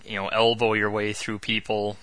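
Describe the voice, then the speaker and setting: A man's voice: fairly low pitch, monotone, moderate pace, fairly bright tone, no room sound. A young man co-hosting a podcast, laid-back and wry in casual chat. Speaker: podcast co-host.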